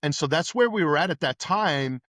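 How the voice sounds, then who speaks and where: New man telling animated stories. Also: on the high side, moderate pace, no room sound, studio quality. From New York. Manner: animated anecdotes with acted-out dialogue. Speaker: podcast guest, former police detective. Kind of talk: casual storytelling interview.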